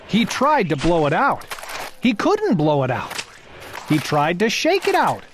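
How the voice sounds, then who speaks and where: A woman reading a children's storybook aloud with expressive narration. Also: on the low side, a little slow, slight background noise.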